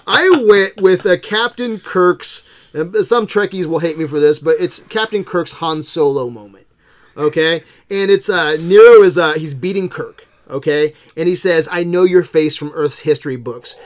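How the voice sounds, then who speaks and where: Casual podcast host, man, higher register, swears freely, quick to laugh. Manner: profane, animated, laughs often. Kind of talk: casual film chat.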